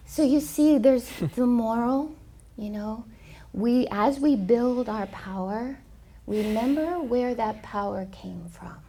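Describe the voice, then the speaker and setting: A woman co-host telling a spiritual parable in an animated way, with frequent fillers. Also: fairly high pitch, takes it slowly. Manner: animated storyteller, many fillers. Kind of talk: storytelling parable talk. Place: yoga studio.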